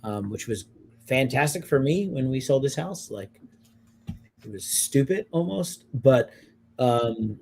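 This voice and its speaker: A man's voice: mid-range voice, expressive, takes it slowly, a little mellow, a little hiss or hum. A man co-hosting a casual podcast from a hotel room, talking in a rambling, profane way with many stammered restarts. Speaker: podcast co-host. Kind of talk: casual chat.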